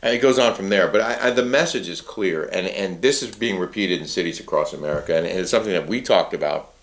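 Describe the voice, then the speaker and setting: A man co-hosting a casual talk show, chatting and reading a news article aloud in a measured way. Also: low voice. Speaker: show co-host.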